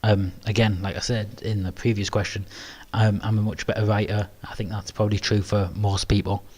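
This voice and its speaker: British male webinar host, lowish flat voice, halting and self-effacing, lots of ums. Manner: hesitant, many ums and restarts; modest, self-deprecating. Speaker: webinar presenter. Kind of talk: live webinar Q&A.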